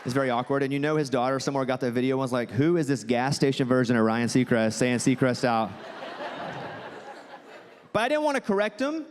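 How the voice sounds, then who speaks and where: Southern guy doing stand-up in a big theater, mid-pitched, long reverb, faint room hum. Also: quick pace, few pauses, crowd noise. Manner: animated, jumps high when acting out quotes. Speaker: comedian and host. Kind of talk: stand-up storytelling to a theater crowd. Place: theater stage.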